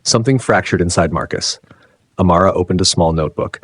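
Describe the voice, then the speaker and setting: A male narrator reads a dramatic story in measured, clipped phrases. His voice is very low with a husky edge, and the recording is close and dry. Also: no echo.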